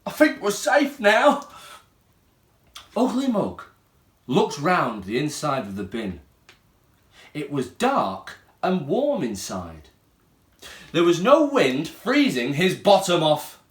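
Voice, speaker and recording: Male teacher reading a storybook aloud, slow and lively, echoey school room. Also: on the high side. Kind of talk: reading a picture book to children. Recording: roomy room echo.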